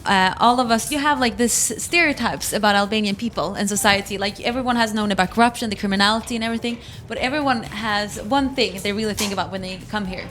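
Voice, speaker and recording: A woman's voice: medium pitch, fast talker, few pauses, a bit bright, a little hiss or hum. Young woman, casual and earnest. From Sweden. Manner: casual, uses "like" as a filler, earnest. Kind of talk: casual panel chat.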